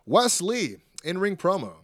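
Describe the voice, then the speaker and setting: Animated man recapping wrestling, slightly high voice. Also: unhurried, no room sound, studio quality. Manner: animated, laughs often, acts out quotes. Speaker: podcast host recapping wrestling. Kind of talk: casual chat.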